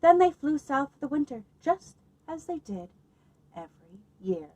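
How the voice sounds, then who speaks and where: The recording is rough, and the librarian's voice is high-pitched as she reads a picture book at children's story time. She's lively and expressive, stopping to ask her audience questions.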